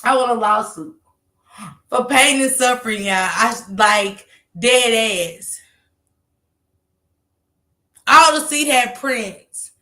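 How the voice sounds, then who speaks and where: A woman streamer telling a story to her viewers in a casual, animated way, swearing freely and laughing often. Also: on the high side, takes it slowly, long pauses. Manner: animated, profane, laughs often, acts out others' lines. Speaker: livestream host telling a story.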